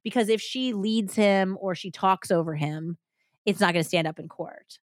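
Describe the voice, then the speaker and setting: A woman's voice: medium pitch, moderate pace, dry recording, clean studio sound. A woman podcast host retelling a story in casual chat, acting out the quotes as she goes. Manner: animated retelling with acted-out quotes.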